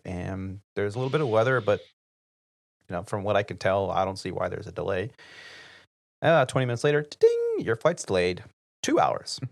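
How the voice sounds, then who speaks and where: A man's voice: fairly low pitch, creaky, dry recording, clean studio sound. A man, an airline pilot, telling a casual story on a podcast and acting out the other people's lines. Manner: lively anecdote-teller who acts out others' lines.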